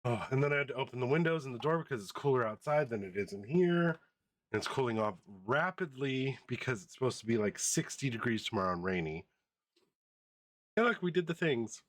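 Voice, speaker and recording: A man's voice: mid-range voice, lively intonation, a little fast. A man streaming a game from home, chatting casually and coaxing his dog. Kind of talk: casual chat while gaming.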